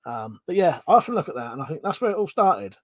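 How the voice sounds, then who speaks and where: Home counties english guy rambling on a chill stream, slightly high voice, laughs a lot, dry close mic. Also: sing-song, fast, dry recording. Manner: rambling, chatty, chuckles often, swears casually. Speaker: livestream host. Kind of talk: casual livestream chat, reading out viewer comments.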